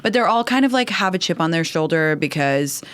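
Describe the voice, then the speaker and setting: A woman's voice: on the low side, fairly quick, no room sound. A woman raised in England who now talks with a Valley girl accent, chatting animatedly as a podcast guest and peppering her stories with "like.". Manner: chatty, animated storyteller, frequent "like". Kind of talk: casual chat.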